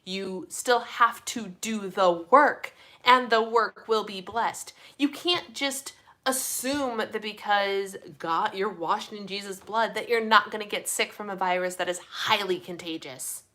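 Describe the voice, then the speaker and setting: A young woman chatting casually on a live stream, reading viewer comments, animated and full of fillers like "like". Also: mid-range voice, measured pace. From Midwestern United States. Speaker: host of a live community chat.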